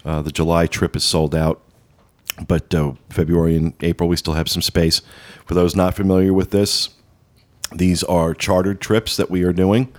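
Male podcast host, very low voice, casual rambling promo chat. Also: level tone, moderate pace. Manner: rambling, many uh fillers, upbeat promo talk.

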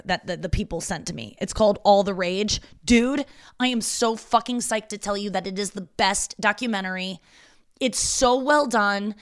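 A woman comedian in her thirties talking in a quick, profane solo podcast monologue, with many restarts and asides. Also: medium pitch, clear, resonant tone, dry recording, clean studio sound.

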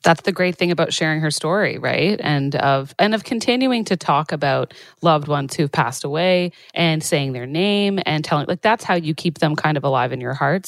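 A woman's voice: sits low, no echo, rough recording. A woman co-hosting a podcast, talking in a reflective, wry, casual way. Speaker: podcast co-host. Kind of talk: casual chat.

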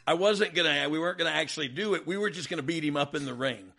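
A man with a gravelly, bright voice tells stories on his podcast in a loose, casual way. He laughs often, restarts his sentences and acts out what people said. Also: fairly high pitch, quick pace. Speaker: podcast host, former wrestler. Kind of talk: casual storytelling chat.

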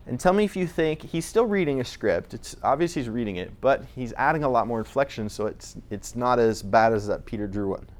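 A man presenting to a small audience in an easygoing way, mid-pitched and loosely phrased. He repeats words and restarts as he talks through his points. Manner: conversational, with restarts. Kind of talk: conference talk.

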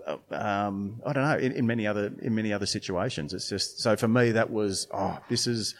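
A man talks in a loose, rambling way, stopping and restarting his sentences. His voice sits fairly low. He sounds like a brewer swapping stories in a relaxed podcast chat. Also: a little fast. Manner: rambling, many restarts and fillers, storytelling. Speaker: brewer and beer judge.

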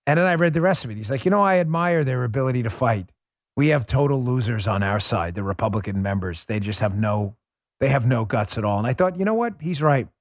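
A man hosting a political commentary show, ranting with heated scorn and dropping at times to a low, quieter mutter. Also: expressive, fast talker, dry recording, clean studio sound. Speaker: host.

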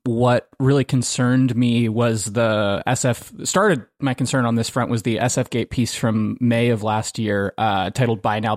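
A man with a mid-range voice speaks as a guest on a casual podcast panel. He makes his critical points in a measured way, and the sound is dry and close. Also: mid-range voice, dry recording.

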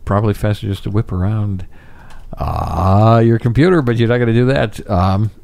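A man's voice: fairly low pitch, normal speed, creaky, darkish tone. A middle-aged man, a voice actor, chatting casually on a podcast in a jokey, profane way. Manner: jokey, profane, slips in and out of impressions. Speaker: voice actor guest.

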